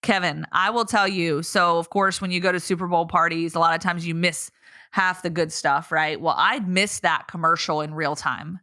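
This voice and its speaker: Chatty woman podcast co-host, bright tone. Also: lowish voice, normal speed. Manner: chatty, animated storyteller. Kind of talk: casual sports podcast chat.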